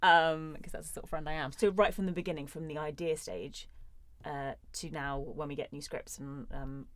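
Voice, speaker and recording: A woman's voice: sits low, normal speed. A woman in her thirties, an actor answering fan questions in a casual, chatty way with playful, self-mocking humor. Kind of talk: casual chat. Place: recording studio.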